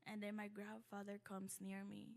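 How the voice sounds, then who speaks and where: A young woman from Ecuador telling a personal story in a halting, heartfelt way, full of fillers and restarts. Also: medium pitch, monotone, creaky, darkish tone.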